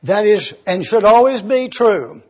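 Older man preaching, husky and high-pitched. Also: animated, lo-fi sound. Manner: slow emphatic preaching with deliberate spelling out of words. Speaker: pastor. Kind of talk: sermon.

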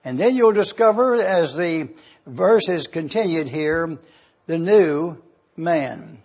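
A man with a high voice preaches at an unhurried, measured pace. He teaches word studies deliberately, spelling terms out letter by letter. The recording sounds dull and lo-fi. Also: lively intonation, a little mellow, breathy edge. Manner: slow, deliberate, spells out Greek words letter by letter. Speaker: pastor. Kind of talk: sermon.

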